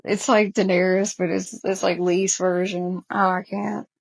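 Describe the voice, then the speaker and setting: A woman's voice: medium pitch, level tone, unhurried, vocal fry, low-quality recording. A woman with a Southern American accent co-hosting a casual podcast chat, getting emotional as she quotes favorite lines. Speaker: podcast co-host.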